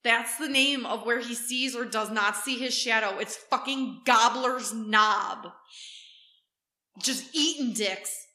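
A woman co-hosting a podcast, throwing in goofy, crude, deadpan jokes. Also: fairly high pitch, slow, reverberant. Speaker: podcast co-host. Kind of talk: casual chat.

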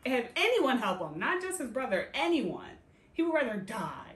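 In an echoey room, a podcast co-host with a voice on the high side recaps a TV show at normal speed in casual, slangy chat. She's an animated, profane storyteller who laughs often and acts out the characters she quotes.

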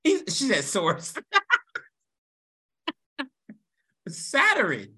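A man from Louisville with a Kentucky accent hosting a casual chat, brash and teasing, swearing freely and firing back quick comebacks. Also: mid-range voice, sing-song, pushed and bright.

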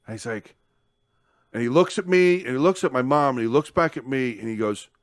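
This podcast co-host, medium in pitch and talking a little fast, works through a long story in relaxed conversation. He's lively, swears without holding back, and acts out the quotes, all in clean, studio-quality sound with no room noise.

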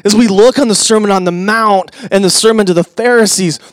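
A middle-aged male pastor preaching a sermon, conversational with asides to the congregation, swinging from loud emphasis to hushed near-whispers. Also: high-pitched, brisk, no echo.

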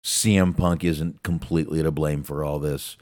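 Deep-voiced blunt swearing podcast host. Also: male voice, steady tone, normal speed, darkish tone, no room sound, studio quality. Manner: blunt, swears a lot, laughs often. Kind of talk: profane wrestling podcast chat.

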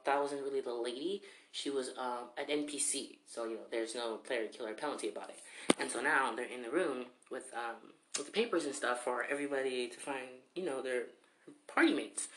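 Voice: mid-range voice, a bit bright. Rambling casual anime recap. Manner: rambling, many fillers like "you know" and "like". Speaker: anime fan recapping an episode. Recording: roomy echo.

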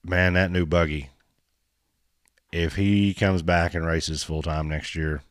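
A low-pitched man with a drawl, chatting casually as a podcast host. He talks bluntly and jokes in a folksy way. The sound is dry and close, with no room behind it. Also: flat delivery, takes it slowly, smooth, no room sound. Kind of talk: casual chat about off-road racing.

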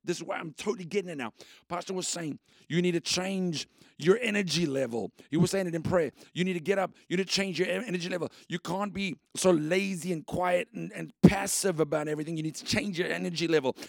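Male podcast host, gravelly, a bit high, dry close sound; excitable preacher cadence. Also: no echo. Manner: excitable, repetitive, preacher-like cadence with sudden shouts. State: short on sleep. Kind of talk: energetic motivational faith talk.

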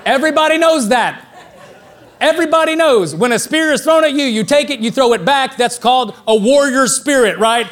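A man preaching a sermon in a conversational, joking way, getting louder and quicker when he makes a point. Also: extremely high pitch. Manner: conversational and joking, rising excitedly for emphasis.

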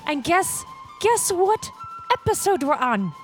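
A woman's voice: very high-pitched, big pitch swings, slow pace, soft background music. A young woman hosting a casual podcast chat in a playful, upbeat manner. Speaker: podcast host.

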